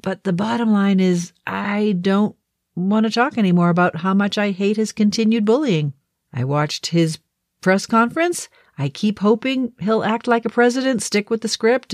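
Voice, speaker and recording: A middle-aged woman from the Boston area, Massachusetts, chats through her casual daily video diary with light laughs. Her Boston accent is faint and mostly softened; her voice is lowish with a darkish tone, in a dry, studio-quality recording.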